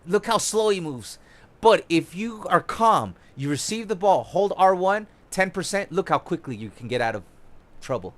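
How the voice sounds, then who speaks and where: A young man giving casual, excited tutorial commentary on his own gameplay, swearing now and then as he demonstrates moves. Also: high voice, moderate pace. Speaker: gaming YouTuber.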